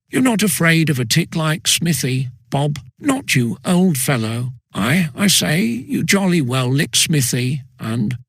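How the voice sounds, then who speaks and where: Man voicing Billy Bunter, squeaky stammering fat schoolboy. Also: fairly bright tone, husky, no echo, clean studio sound, full character voice. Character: fat, greedy, cowardly schoolboy who wheedles.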